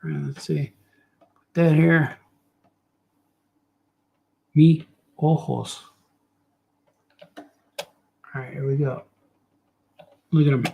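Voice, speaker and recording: A man's voice: on the high side, steady tone, measured pace, gravelly, pauses often, breathy edge, muffled recording. A middle-aged man, a cartoonist, chatting loosely as he draws, with joking, self-mocking asides. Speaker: cartoonist streamer. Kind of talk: rambling casual chat while drawing.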